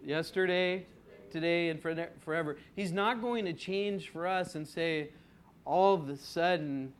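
Slow, deliberate male pastor preaching. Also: high-pitched. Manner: conversational, with rhetorical questions to the congregation; drawn-out emphasis on key words. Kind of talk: expository sermon.

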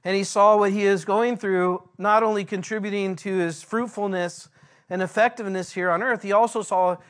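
A man, a pastor, giving a verse-by-verse Bible teaching in an earnest way, slowing down when he reads scripture aloud. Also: sits high, steady tone.

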